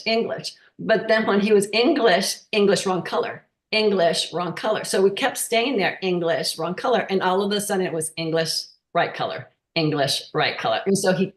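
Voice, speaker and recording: A woman talking as a guest, telling personal stories in a halting way with many restarts and fillers. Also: fairly low pitch. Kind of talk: casual personal storytelling. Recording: roomy echo.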